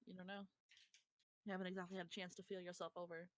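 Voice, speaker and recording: A woman running a tabletop game as game master, calmly describing the scene to her players. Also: fairly low pitch, fast, low-quality recording.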